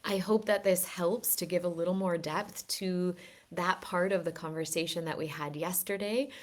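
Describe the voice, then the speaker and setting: Low, earnest woman teaching wellness, persuasive and unhurried. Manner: earnest, gently persuasive, with frequent restarts. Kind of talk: reflective teaching talk.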